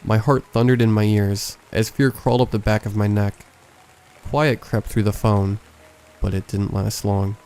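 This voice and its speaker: A man reading a horror story aloud as a scripted narration, in a measured, hushed storytelling manner. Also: on the low side, fairly even intonation, smooth. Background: faint background music.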